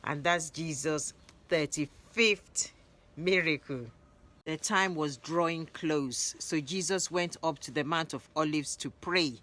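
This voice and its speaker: A woman narrating Bible stories in a lively retelling, raising her voice for the quoted lines. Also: low-pitched, slow. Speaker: Bible storyteller.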